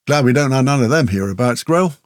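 A man's voice: medium pitch, lively intonation, brisk, no room sound, clean studio sound, natural voice. A man voicing a talkative, friendly male islander guide in a homely, folksy way, as an audiobook character voice. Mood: chatty.

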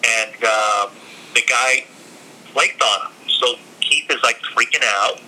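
A man in a casual interview, telling stories in a lively, chatty way with lots of fillers. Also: medium pitch, slow pace, rough recording. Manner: animated, acts out other people's lines. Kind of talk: casual storytelling.

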